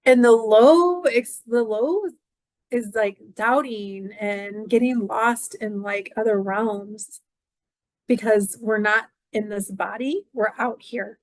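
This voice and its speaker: A middle-aged woman speaks in a fairly high voice, recorded dry and close with no room around her. She talks in a rambling, heartfelt way, circling back on her own phrases and leaning on "like" as she hosts her astrology channel. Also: slow pace, no room sound. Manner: effusive, repeats phrases, many "like" fillers. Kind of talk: casual spiritual monologue.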